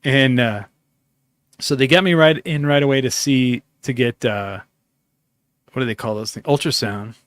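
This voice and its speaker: A male podcast host with a slightly bright, mid-range voice speaks at normal speed with long pauses, recorded with no echo. In a casual storytelling chat, he rambles through a long tale, swearing plenty and acting out pieces of dialogue.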